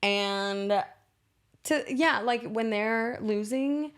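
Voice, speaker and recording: A woman co-hosting a podcast, chatting casually and playfully, chiming in with quick, teasing reactions. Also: a little high, clean tone. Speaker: podcast co-host and stand-up comedian. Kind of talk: casual chat.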